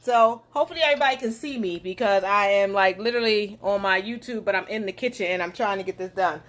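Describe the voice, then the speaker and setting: A young woman hosting a casual podcast from her home kitchen while cooking, talking straight to her listeners in an animated, indignant way. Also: mid-range voice, fast talker. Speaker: podcast host.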